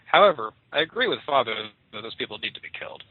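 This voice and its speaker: A man's voice: medium pitch, very animated, fast, slightly rough, no room sound, pitched above the performer's own voice. A sullen young man, full of contempt for his father's authority, as a male storyteller puts him on. He pushes back in a defiant tone. The sound is thin and phone-like, and dry. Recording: tinny dry phone line.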